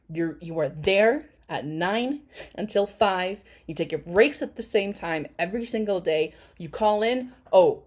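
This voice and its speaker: A woman with a low voice talks through a video in loose, rambling commentary. She laughs often and fills her pauses with ums, keeping the tone casual and chatty. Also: a little mellow. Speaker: commentary YouTuber.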